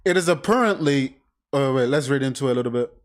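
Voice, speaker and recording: A man reading a crime case aloud and reacting casually, blunt and swearing often, with animated side remarks. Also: medium pitch, fast talker. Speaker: reaction commentator.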